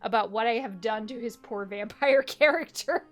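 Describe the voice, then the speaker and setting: A woman streamer closing out a stream in casual chat, excitable and laughing often, swearing casually. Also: on the high side, moderate pace. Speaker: streamer and game master.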